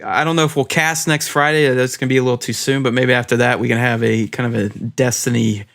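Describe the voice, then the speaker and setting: A man's voice: medium pitch, fairly even intonation, fast, creaky, fairly bright tone. Male co-host, mid voice, laid-back, leads topics. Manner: easygoing, leads topics, swears casually. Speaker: podcast co-host. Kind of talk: casual chat.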